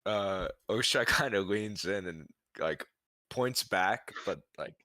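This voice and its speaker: Male player, very deep and very bright, casual chatty delivery. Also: slow, dry recording, studio quality. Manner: casual, laughing commentary. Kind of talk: tabletop role-play.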